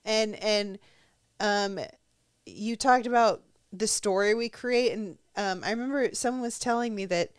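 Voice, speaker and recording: A woman comedian in casual podcast chat, wry and joking, quick to laugh. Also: mid-range voice, clear, resonant tone, no room sound, studio quality.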